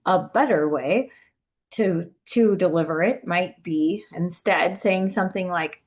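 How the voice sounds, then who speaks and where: Speaking to caregivers about brain health, this woman keeps things casual, peppering her talk with "um" and "you know" in a gentle, encouraging way. She has a fairly low pitch and a measured pace.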